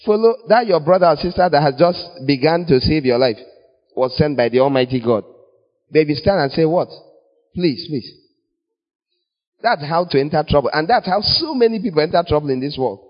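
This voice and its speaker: A man preaching a sermon in an animated way, acting out little scenes in other voices. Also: on the high side, fast talker. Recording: dull long reverb of a large hall.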